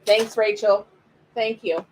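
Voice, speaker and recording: A woman with a mid-range, fairly even, slightly mellow voice speaks slowly as she gives live-streamed card readings, chatting affectionately and straight to viewers, whom she calls by pet names. The audio is poor, with a little hiss or hum.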